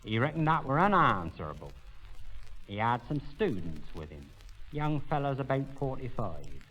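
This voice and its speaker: An actor playing a sly old countryman, telling deadpan tall tales in broad village in a comic monologue. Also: medium pitch, normal speed, slightly rough, rough recording. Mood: drawling. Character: old rustic countryman, sly, rambling yarn-spinner.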